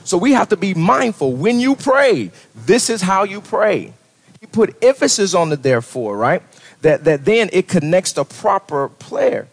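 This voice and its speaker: A male pastor delivering a sermon in a plain, conversational way. His voice sits a little high for a man. He checks in with his listeners with a running "right?" and often restarts his sentences mid-thought. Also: sing-song, a little slow, vocal fry. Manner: conversational preaching, frequent "right?" asides and restarts.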